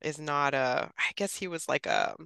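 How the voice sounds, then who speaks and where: Casual woman guest, lower-pitched than most, smooth and clear, animated when quoting people. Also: moderate pace, no echo. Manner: chatty, quotes others animatedly, laughs often. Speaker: podcast guest. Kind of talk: casual storytelling.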